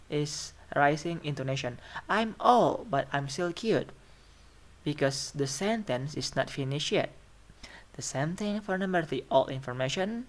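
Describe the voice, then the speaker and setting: A presenter explaining phonetics in an informal classroom style. They hesitate and restart often, and keep checking in with "right?". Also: mid-range voice. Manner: checks understanding with tag questions like "right?".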